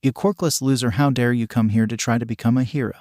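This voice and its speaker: An aggressive teenage bully who sneers his insults, as a man reads him out. The voice stays mid-pitched, and the recording is close and dry. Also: fairly even intonation, fast talker, a little mellow, dry recording, close to an everyday voice. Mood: hostile. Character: hostile bullying teenage boy.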